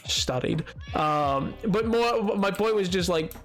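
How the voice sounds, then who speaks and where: A man's voice: sits high, lively intonation, slow pace, faint music behind. A man chatting casually while streaming a video game, rambling with stammered restarts and frequent laughter. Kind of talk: casual gaming stream chat.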